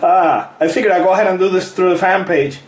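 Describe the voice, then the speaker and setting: A man's voice: high-pitched, quick pace. A man, a fitness coach, chatting casually on a live stream, greeting viewers by name and laughing often. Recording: roomy echo with faint noise.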